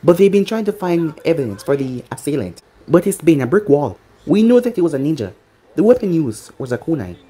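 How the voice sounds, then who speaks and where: A storyteller voicing a busy, short-tempered young female ninja medic who talks in a brisk, scolding way, over faint background music. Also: medium pitch, very animated, dark tone, breathy edge.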